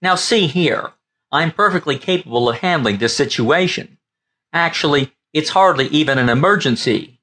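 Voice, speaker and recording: A man's voice: fairly high pitch, lively intonation, normal speed, bright, forceful tone, voice pushed up. A man voicing a nervous ship navigator in an audiobook, anxious and pleading. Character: nervous male ship navigator near tears.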